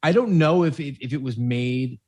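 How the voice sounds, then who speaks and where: A man co-hosting a film podcast, talking casually with halting restarts and trailing thoughts. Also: mid-range voice, darkish tone. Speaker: podcast co-host.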